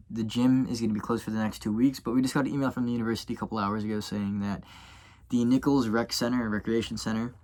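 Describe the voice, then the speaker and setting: Rambling young college vlogger. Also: male voice, mid-range voice. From Louisiana. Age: young adult. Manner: rambling, self-correcting, many fillers. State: tired and yawning. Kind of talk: casual vlog talk to camera.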